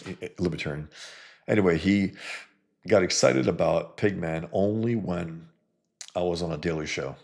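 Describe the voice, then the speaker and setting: A man hosting his own video, talking casually and bluntly to viewers about comics, with many fillers and restarts. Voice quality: gravelly, husky low voice. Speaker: comic book creator and video host. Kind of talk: casual rambling talk to viewers.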